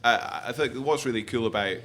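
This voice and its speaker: Fast-talking man hosting a live podcast. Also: mid-range voice, a bit bright. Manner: quick, rambling with many restarts. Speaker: podcast host. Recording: faint ambient noise, live event.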